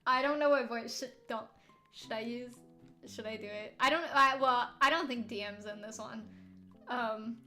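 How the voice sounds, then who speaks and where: A woman streaming a game, chatting casually and giggling, often dropping into soft, quiet asides. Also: a little high, moderate pace, soft background music. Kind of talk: casual let's-play commentary.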